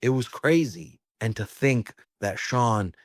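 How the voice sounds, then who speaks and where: A pizzeria owner telling a story in a casual, animated way, acting out quotes and often saying "like" and "dude". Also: male voice, mid-range voice, takes it slowly, no room sound.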